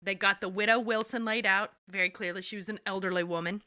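A woman co-hosting a podcast, telling an episode's story in an animated, profane way. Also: mid-range voice, quick pace, dry recording, clean studio sound. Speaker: podcast co-host. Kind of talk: casual episode recap.

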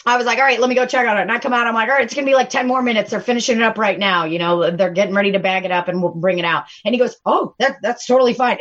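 A woman's voice: mid-range voice, fairly bright tone, highs cut off. A woman chatting casually with friends, telling crude stories from her restaurant job with plenty of laughter and acted-out quotes. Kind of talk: casual chat among friends. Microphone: phone.

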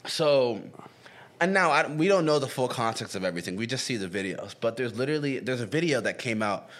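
A man's voice: mid-range voice, brisk. A young man co-hosting a casual comedic podcast, talking in a loose, slangy way and acting out what other people said. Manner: animated, slangy, acts out quotes. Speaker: podcast co-host. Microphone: camera-facing home recording.

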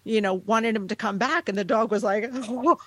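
A woman's voice: mid-range voice, steady tone, a little fast, fairly bright tone, no echo. A woman on a podcast telling a funny story casually, acting out voices and swearing freely. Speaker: podcast co-host, dog groomer.

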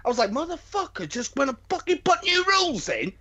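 A man's voice: extremely high pitch, wildly swooping pitch, brisk, pushed and bright. A man on a podcast, chatting casually and telling stories in a rambling way, swearing and restarting his sentences often. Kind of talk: casual chat.

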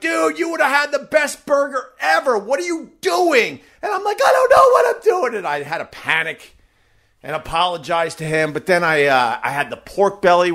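A man's voice: on the high side, a bit bright. A man hosting a podcast, reading a sponsor ad in a loose, joking, self-deprecating way. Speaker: podcast host. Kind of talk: casual ad read.

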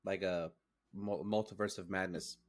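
A man's voice: low-pitched, steady tone, normal speed. A man co-hosting a podcast, talking casually and hesitantly, full of restarts and "like", defending his opinions. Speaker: podcast co-host. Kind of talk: casual chat.

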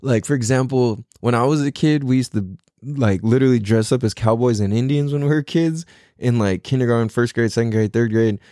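A young man in a casual, profane, excitable monologue full of slang. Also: medium pitch, a little fast, no room sound, studio quality.

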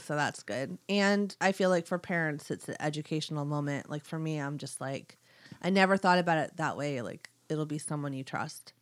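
A woman's voice: low-pitched, normal speed. A woman co-hosting a podcast in casual chat, talking loosely with many fillers and laughing easily. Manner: chatty, laughs easily, lots of "like". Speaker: podcast co-host.

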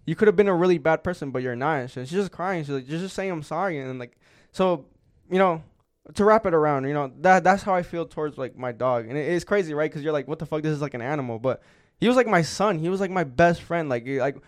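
A man's voice: fairly high pitch, lively intonation, fast. Young man telling a rambling story. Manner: rambling, profane, heavy filler words. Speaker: podcast co-host. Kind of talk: casual chat, storytelling.

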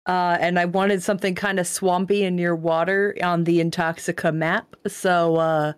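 A woman playing in a casual tabletop game, talking in a halting way with stammers and restarts. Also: on the low side, flat delivery, clear, resonant tone. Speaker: player. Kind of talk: casual streamed game chat.

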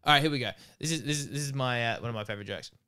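A man's voice: medium pitch, racing, clean tone. A man, a podcast co-host telling stories in casual chat and laughing often. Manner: animated, laughs through his stories.

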